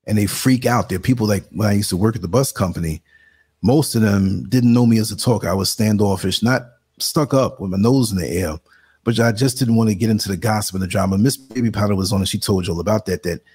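A man in his sixties with a New York accent, hosting a live show and chatting casually, telling animated stories and acting out quotes in a higher voice. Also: fast talker, slightly rough. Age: 60s. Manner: animated storyteller, acts out quotes in a higher voice, laughs often. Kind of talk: casual live-stream chat.

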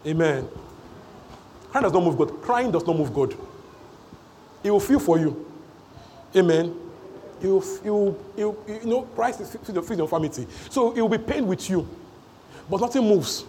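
Man, pastor preaching, higher-pitched voice, repeats lines, loud then hushed, faint ambience in church. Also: animated, normal speed, long pauses, a little hiss or hum. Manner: emphatic, repeats phrases, swings between shouting and hushed. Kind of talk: sermon.

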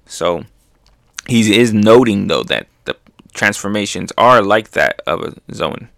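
A man's voice: lowish voice, measured pace, gravelly, no room sound. A man narrates a comic chapter in a loose, chatty way. He keeps breaking into playful sound effects and laughs. The recording is close and dry, with no room sound. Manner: animated, makes sound effects, laughs often. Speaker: manga reaction host. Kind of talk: casual comic read-through commentary.

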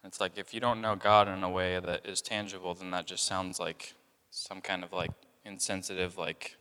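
Young guy preaching, chatty and loose, lotsa fillers, bright forceful voice, big hall echo. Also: deep voice, level tone, moderate pace, clean tone. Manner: conversational, many fillers, acts out voices of people in the story. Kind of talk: casual sermon.

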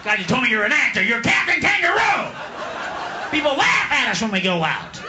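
A man voicing a weary, bitter middle-aged children's TV host who grumbles in a low, gruff voice. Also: lively intonation, brisk, reverberant, a crowd in the background, background noise. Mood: bitter shouting.

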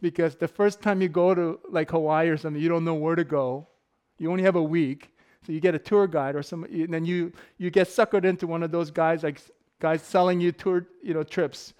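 A man's voice: on the high side, fairly even intonation, a little fast, darkish tone, clear, resonant tone. A middle-aged man giving a casual sermon full of personal stories, joking and laughing often. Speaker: pastor.

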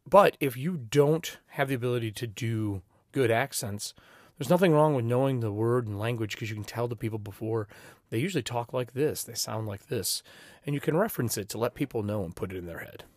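A man's voice: mid-range voice, a little fast, darkish tone, no room sound, clean studio sound. A man giving casual, emphatic advice on running tabletop games, swearing now and then. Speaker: game master giving advice.

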